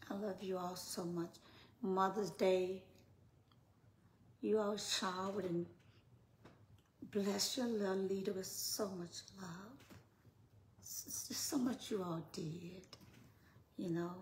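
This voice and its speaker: A woman ministry leader talking casually to her followers, swinging between hushed, whispery asides and loud, laughing outbursts. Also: on the low side. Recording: roomy with faint noise.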